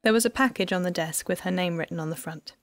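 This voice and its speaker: A woman narrating an audiobook in an even, measured storytelling manner. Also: on the low side, creaky, dry recording. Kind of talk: scripted narration.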